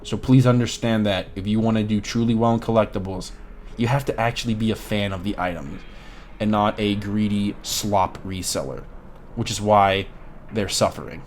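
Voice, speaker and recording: Male video host, low-ish voice, blunt, profane, opinionated delivery. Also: steady tone, moderate pace, slight background noise. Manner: blunt, swears casually, opinionated. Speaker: collectibles video creator. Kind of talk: casual commentary to camera.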